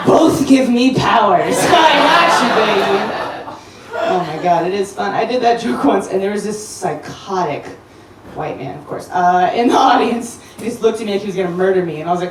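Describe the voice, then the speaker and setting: Brash profane woman doing stand-up. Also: medium pitch. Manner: brash, profane, laughs at own jokes. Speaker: stand-up comic. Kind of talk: stand-up comedy set. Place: house show in a room. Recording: echoey room, distant mic, noisy.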